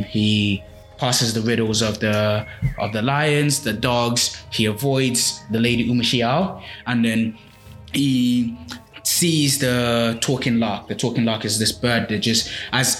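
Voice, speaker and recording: A man's voice: mid-range voice, a bit bright. A man casually retelling a folk tale on a podcast, with loose phrasing, plenty of fillers and restarts. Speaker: podcast storyteller. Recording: echoey room with faint music.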